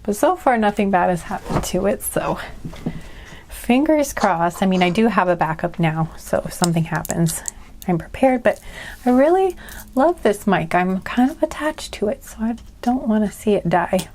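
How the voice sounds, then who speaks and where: Animated and medium-pitched with a darkish tone, a woman talks at a normal pace while reading tarot cards casually, with slight background noise. Her chatter wanders, and she frequently says sorry and pokes fun at herself.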